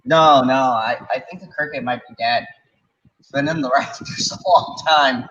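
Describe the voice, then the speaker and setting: A man co-hosting a casual stream chat, reading headlines aloud haltingly. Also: medium pitch, sharp tone, dull audio. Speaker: podcast co-host.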